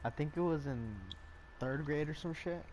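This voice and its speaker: A sleepy young man chatting quietly with a friend, low-key and unhurried. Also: slight background noise. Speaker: friend in the chat. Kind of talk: casual chat.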